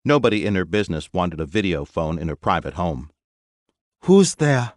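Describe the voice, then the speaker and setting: A man reading an audiobook with expressive storytelling narration. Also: deep voice, fast talker, no echo, studio quality. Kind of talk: scripted narration.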